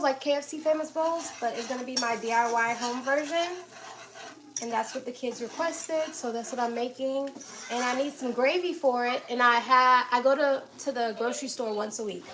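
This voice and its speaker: A young woman hosting a casual cooking live stream, chatting with viewers by name and laughing often as she cooks in her home kitchen. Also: on the high side. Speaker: livestream host cooking dinner. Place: home kitchen with pots and dishes clattering. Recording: kitchen clatter and household noise in background.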